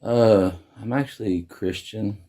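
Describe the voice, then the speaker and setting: Deep, slow, flat-voiced man. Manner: slow, measured, repeats "I believe". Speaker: livestream guest. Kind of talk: casual chat.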